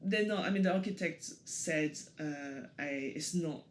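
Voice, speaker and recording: A woman's voice: low voice, unhurried, slight background noise. French woman guest, loose hesitant chat, faint ambience. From France, Paris suburbs. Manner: hesitant, many fillers and restarts, laughs easily. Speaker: guest photographer. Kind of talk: casual interview talk.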